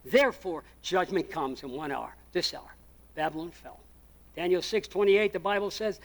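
A male pastor preaching a sermon, calling out questions to the congregation and swinging between loud and soft. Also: high voice, expressive, moderate pace, poor audio. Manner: preachy, rises and drops in volume, asks the congregation questions.

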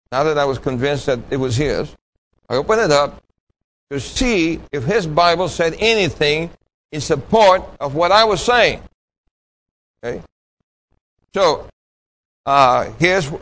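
A man's voice: fairly high pitch, a bit bright, low-quality recording. A man preaching a sermon with an emphatic, pointed delivery, asking the congregation questions and answering them himself. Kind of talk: sermon with call-and-response.

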